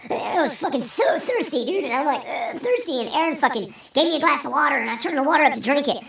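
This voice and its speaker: A woman with a high, bright voice tells a story to camera in a loose, rambling way and swears freely. She sits a little back from the mic, and the room around her rings. It sounds like a casual vlog. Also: quick pace, gravelly. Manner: animated, profane, rambling. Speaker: vlog host. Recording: roomy sound, distant from mic.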